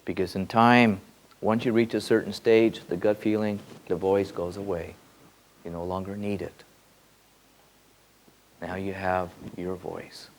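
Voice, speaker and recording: A man giving a spiritual teaching in a loose, repeating way, swinging between soft musing and sudden excited bursts. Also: low-pitched, unhurried, long pauses, slight background noise. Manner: repeats words and restarts often. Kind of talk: spoken teaching to a group.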